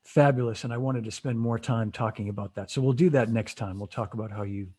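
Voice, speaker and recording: Mellow-voiced man hosting a video-call chat. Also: mid-range voice, steady tone, brisk, husky. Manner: rambling storyteller, laughs often, many restarts. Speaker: host. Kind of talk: casual interview over a video call.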